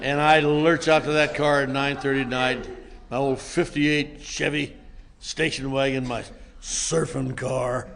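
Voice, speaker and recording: An older man telling a self-mocking story to a meeting audience in a wry, comic way that builds into shouting. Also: medium pitch, flat delivery, unhurried, gravelly, background noise. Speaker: recovery meeting speaker.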